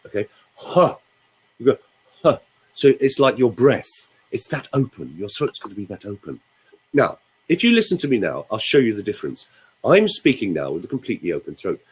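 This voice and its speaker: This older male voice coach, a guest in a radio studio, is animated and theatrical as he explains and demonstrates technique with his own voice. His voice is lowish, fairly quick and breathy-edged, and the recording is rough.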